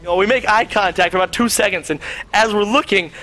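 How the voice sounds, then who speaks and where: Young man, bright voice, fairly high, rambling profane storyteller, streamer. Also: quick pace. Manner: rambling and profane, with frequent fillers. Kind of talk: casual storytelling.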